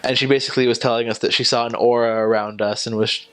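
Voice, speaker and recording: A man's voice: medium pitch, little pitch movement, quick pace, fairly bright tone, smooth. A young man talking casually about his time as a missionary, rambling and hesitant, with many fillers and restarts. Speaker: returned missionary.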